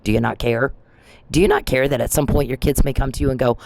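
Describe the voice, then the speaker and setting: A man's voice: medium pitch, fairly even intonation, fast, vocal fry, background noise. A man vlogging, speaking in a confrontational, accusing way straight to someone he blames. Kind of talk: monologue video addressing an absent person.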